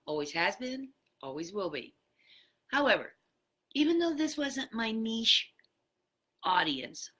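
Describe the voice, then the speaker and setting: A woman's voice: mid-range voice, pushed and bright. A woman giving a motivational talk about the power of words, speaking emphatically and shifting her tone for effect.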